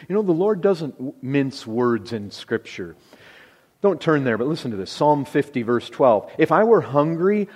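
A man preaching a sermon, emphatic and deliberate, dropping his voice low to stress key words. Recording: long reverb of a large hall.

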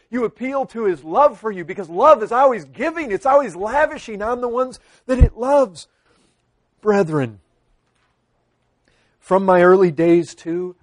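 A man preaching a sermon to his congregation, earnest, with dramatic pauses and quoted pleas. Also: sits high, no room sound. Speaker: pastor.

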